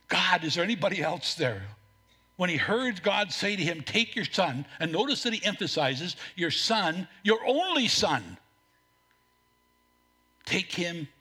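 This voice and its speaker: A man preaching a sermon as pastor, earnest, telling a story, with a few halting restarts. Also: sits high, pushed and bright, breathy edge.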